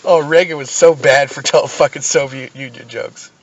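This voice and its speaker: Male co-host, mid-pitched, swears loosely while telling jokes, lo-fi sound. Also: moderate pace. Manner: loose, profane, rambling. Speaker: podcast co-host. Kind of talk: casual chat, telling jokes.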